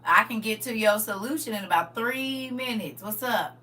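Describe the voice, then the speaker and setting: A middle-aged livestream host with a slightly high voice chats casually with her viewers at a moderate pace. She speaks bluntly and animatedly, using "y'all" and "baby" for her audience.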